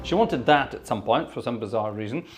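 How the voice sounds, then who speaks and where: A man's voice: mid-range voice, animated, brisk, music in the background. Chatty male organist telling stories. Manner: chatty, anecdotal, thanks viewers by name. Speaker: organist and livestream host. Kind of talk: casual chat. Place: at home.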